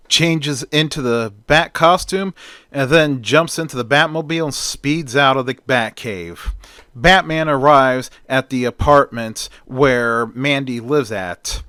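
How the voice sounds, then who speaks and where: A man's voice: mid-range voice, a little slow, sharp tone, clean tone, no echo, studio quality. A man telling a homemade hero story in a plain, chatty way, stringing events with "and then". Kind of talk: casual amateur storytelling.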